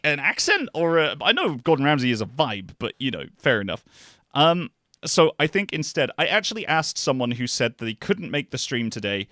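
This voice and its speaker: A man's voice: a little high, bright, forceful tone, dry recording, studio quality. Joking, chatty male streamer. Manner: joking, self-deprecating, chatty with viewers. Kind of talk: casual game-stream chat. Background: game music.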